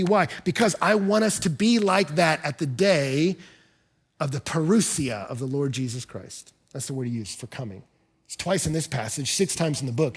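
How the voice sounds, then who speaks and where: A husky, fairly high-pitched man preaches to his church. He is middle-aged and tells stories with energy, slipping into the voices of the people he quotes. His manner stays conversational and direct. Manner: animated storyteller, acts out dialogue in quotes. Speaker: pastor. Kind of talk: sermon.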